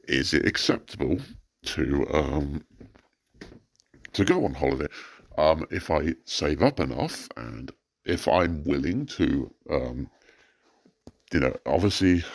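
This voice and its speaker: A distressed man recording an anonymous personal rant, hesitant with many fillers and breaking into agitated outbursts. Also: rumbling low. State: distressed and frustrated. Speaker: anonymous poster venting about family life.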